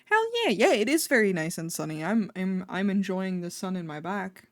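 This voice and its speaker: A woman's voice: mid-range voice, lively intonation, normal speed, dry recording, studio quality. A woman streaming casually, chatting with her viewers in a rambling, offhand way and swearing now and then.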